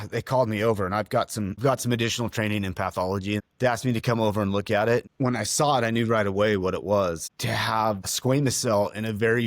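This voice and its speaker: A man's voice: fairly low pitch, no echo, clean studio sound. A middle-aged man, a dentist co-hosting a podcast, speaking in an earnest, heartfelt and emotional way with frequent restarts. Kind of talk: reflective podcast conversation.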